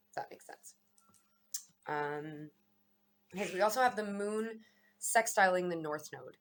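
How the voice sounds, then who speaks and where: A woman with a low voice shares her daily astrology reading in a loose, unscripted way. She muses reflectively, wanders between thoughts and restarts her sentences as she goes. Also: steady tone, moderate pace, pauses often, slight background noise. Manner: meandering, reflective, self-correcting. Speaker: astrology vlogger. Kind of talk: casual spiritual musing to camera.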